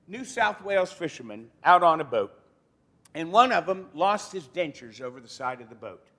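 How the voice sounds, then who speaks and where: A man's voice: high voice, a bit bright. A man telling folksy jokes in a live storytelling show at a retirement center. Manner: folksy, joking. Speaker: storyteller and singer.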